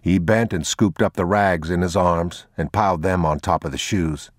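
A man narrating an audiobook in a slow, measured, somber manner. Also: deep voice, fairly even intonation, dry recording, studio quality. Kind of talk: scripted narration.

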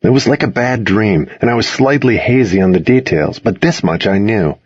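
A man reading a first-person story aloud as an audiobook narrator, at a measured, steady pace. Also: fairly low pitch, breathy edge, dry recording, highs cut off.

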